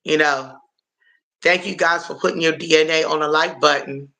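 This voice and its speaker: A man hosting a live stream, chatting in a rambling way, answering viewers' comments, calling them y'all, and filling pauses with um and uh. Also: a little high, steady tone, creaky, bright, forceful tone. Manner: halting, with frequent um and uh fillers. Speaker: livestream host answering chat. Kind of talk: casual live-stream chat.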